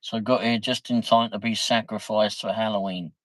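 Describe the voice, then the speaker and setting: A man's voice: on the low side, little pitch movement, a little fast, dry recording, rough recording. A middle-aged man, chatting casually on his livestream, reading viewer comments, laughing easily and swearing mildly. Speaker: livestream host.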